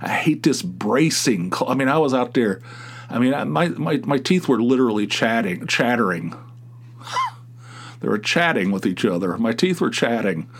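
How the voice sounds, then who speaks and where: A man's voice: mid-range voice, lively intonation, normal speed, breathy edge. A middle-aged man from Pennsylvania hosting a solo podcast, rambling and grumbling in casual chat, with frequent restarts and "you know"s. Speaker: podcast host.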